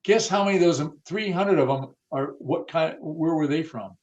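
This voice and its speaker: A man's voice: fairly high pitch, normal speed, a little mellow, muffled recording. A man being interviewed about the car audio industry, talking bluntly and casually with some cursing and acting out the people he quotes. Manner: blunt, profane, acts out quoted dialogue.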